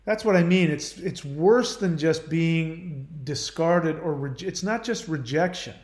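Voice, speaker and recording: A man talking earnestly and emphatically about a past relationship, pausing and restarting as he goes. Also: a little high, a little mellow, reverberant. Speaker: channel host. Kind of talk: personal monologue.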